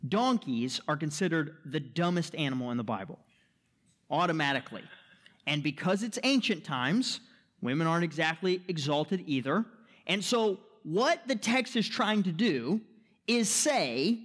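A man's voice: a little high, lively intonation, unhurried, fairly bright tone. A man preaching a sermon as pastor, emphatic, posing rhetorical questions and checking in with the listeners. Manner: checks in with "right?" and "okay?".

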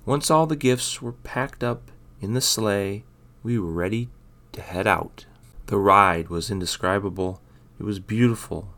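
A man hosting a story podcast, chatting briefly and then reading a Christmas story aloud in a relaxed way. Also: on the low side, unhurried. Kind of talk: casual intro then scripted story narration.

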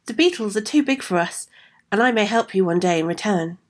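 Pleading ant king read by a woman, earnest, a touch high for her, storybook. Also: animated, fairly quick, lightly acted.

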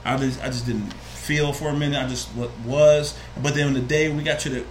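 A man's voice: medium pitch, a little fast, reverberant, a little hiss or hum. A man with a New Jersey accent telling a personal story in casual, profane chat, acting out what people said. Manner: animated, profane, acts out quotes.

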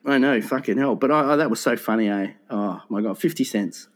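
A man's voice: on the low side, a little fast. A man telling a funny story in casual chat, swearing freely and laughing along. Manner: swears freely, laughs through his stories.

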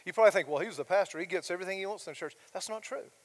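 A middle-aged man, preaching in a high, light voice. He talks in a chatty way, throwing out asides and questions to the congregation. His words ring out with the long reverb of a church sanctuary. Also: racing. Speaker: pastor. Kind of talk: sermon.

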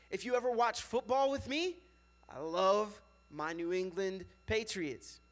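High-voiced, animated young youth pastor. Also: male voice, a little slow. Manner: animated, chatty, lots of filler words. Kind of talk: casual youth sermon.

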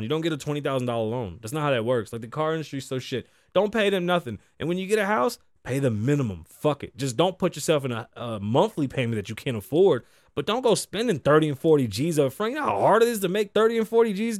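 A man's voice: medium pitch, no echo. Guy ranting on his podcast, swears a lot, mid voice, dead dry room. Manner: blunt, animated, heavy cursing. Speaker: podcast host. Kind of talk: profane casual commentary.

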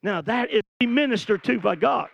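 A man preaching a sermon, telling a Bible story with animated energy and acting out the quoted lines, rising to shouts. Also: very high-pitched, moderate pace, creaky.

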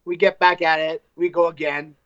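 Guy fighter telling his fight story, cussing, slightly high voice, dull dry podcast audio. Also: moderate pace, no room sound. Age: adult with wife and two kids. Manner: animated, profane, acts out quotes. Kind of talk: casual storytelling.

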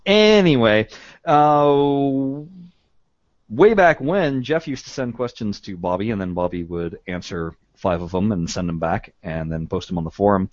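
A man hosting a podcast in casual chat. He is chatty, laughs often and fills his pauses with "uh". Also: fairly low pitch, animated, no room sound, muffled recording. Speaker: podcast host.

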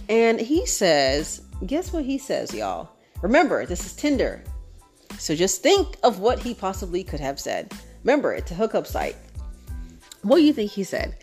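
Chatty woman host with lively asides. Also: medium pitch. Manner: chatty and animated, switching into voices for friends. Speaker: podcast host. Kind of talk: casual chat.

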